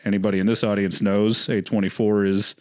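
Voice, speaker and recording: A man with a fairly low voice co-hosting a relaxed podcast. He speaks unhurriedly, leaning on "um" and "you know", and jokes about his own sales pitch while plugging the show. The tone is easygoing. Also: a little fast. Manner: laid-back, self-mocking plugs. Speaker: podcast co-host. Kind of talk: casual chat.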